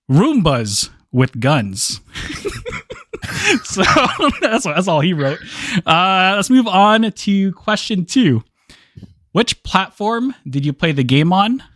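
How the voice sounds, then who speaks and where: A man's voice: on the high side, a bit bright, no room sound, studio quality. A man hosting a casual online game discussion, joking and laughing often as he leads the questions. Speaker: podcast host.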